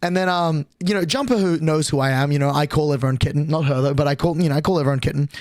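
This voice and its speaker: A young man streaming, telling a long story in an excitable, profane way and acting out the other people's lines. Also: on the high side, rapid-fire, no echo. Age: young adult.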